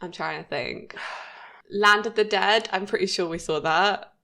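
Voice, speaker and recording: A woman's voice: unhurried, vocal fry. A woman in her thirties co-hosting a podcast, chatting casually about a TV episode and laughing often. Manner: chatty, laughs often, lively pitch jumps. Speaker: podcast co-host.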